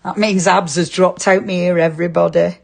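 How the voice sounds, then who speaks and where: Woman, low voice, effusive live shopping-channel craft presenter, gushing and chatty. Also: flat delivery, fairly quick, creaky. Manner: chatty, effusive, talks to viewers by name. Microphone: earpiece with producer talkback.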